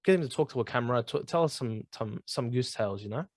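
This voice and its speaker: A podcast host chats easily with his mates, calling them "bro" and "mate" and running through plugs to close the show. The sound is dry and close, with no room around his voice, and his pitch sits in an ordinary middle range. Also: lively intonation, fast, no echo. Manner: easygoing, matey, promo-style sign-offs. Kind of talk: casual podcast chat. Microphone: video call.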